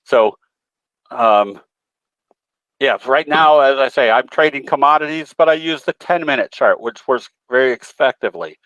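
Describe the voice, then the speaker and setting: A man's voice: medium pitch, normal speed, fairly bright tone, no room sound, lo-fi sound. A man presenting in a webinar, talking in a folksy, rambling way with many filler sounds. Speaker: guest presenter, trading educator. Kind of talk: webinar talk with a folksy anecdote.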